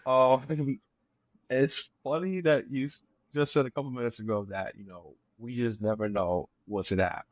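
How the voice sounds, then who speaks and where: A man joining a podcast as a guest, talking in a measured, enthusiastic way with many fillers. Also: medium pitch, no echo. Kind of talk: casual chat.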